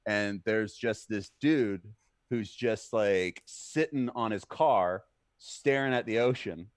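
A man's voice: lowish voice, takes it slowly, no echo, studio quality. A man co-hosting a casual stream, telling stories and acting out the people in them. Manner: animated, acts out voices in stories, swears casually. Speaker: podcast co-host. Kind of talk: casual chat, storytelling.

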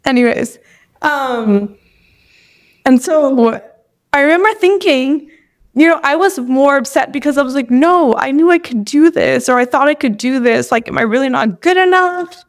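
Her voice is high with lively intonation, moving at a normal speed. As a podcast guest, this young woman shares a personal story openly and emotionally, at times close to tears and filling it with many "like"s.

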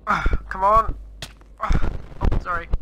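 A man's voice: high-pitched, steady tone, unhurried, background noise. A man commenting on Minecraft gameplay in a flustered, exclaiming and rambling way. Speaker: gamer.

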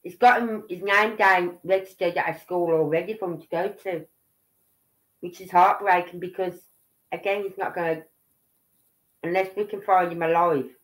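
Chatty Brummie woman, low-voiced. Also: steady tone, moderate pace, rough recording. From Birmingham, England. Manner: chatty, rambling, keeps tagging "right?" and "you know what I mean". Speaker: livestream host. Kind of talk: casual livestream commentary.

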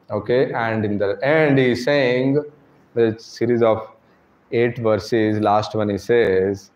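A man's voice: mid-range voice, fairly even intonation, slow pace, a little mellow. A man giving a devotional sermon to a congregation, posing rhetorical questions and often tagging on "right?". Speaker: preacher. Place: temple congregation hall. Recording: echoey hall, dull sound.

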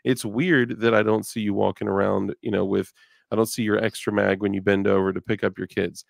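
A man's voice: fairly low pitch, little pitch movement, fairly quick, vocal fry, no room sound, clean studio sound. A male podcast host in casual chat, rambling and joking about himself. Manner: rambling, self-deprecating, joking.

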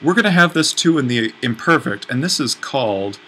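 A man's voice: mid-range voice, animated, brisk, pushed and bright, a little hiss or hum, low-quality recording. A man teaching a language lesson at a whiteboard, explaining patiently and correcting himself as he writes. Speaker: Greek instructor.

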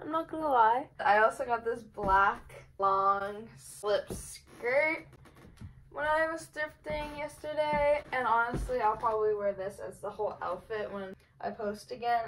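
Young woman, vlogger, bubbly, rambling, fast-talking, fairly high voice. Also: a bit bright, rough recording. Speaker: fashion vlogger. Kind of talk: casual try-on haul chat.

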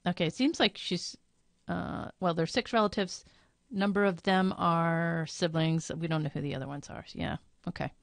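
Chatty low-voiced woman moderating a Q&A. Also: normal speed, gravelly, no room sound. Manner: chatty, informal, thinks aloud. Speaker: webinar moderator. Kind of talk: live Q&A, reading viewer questions.

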